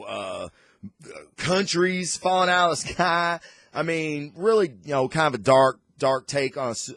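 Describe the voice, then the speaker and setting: A man hosting a casual comic and movie review, rambling and excitable, with lots of fillers and restarts. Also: mid-range voice, dry recording. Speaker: host.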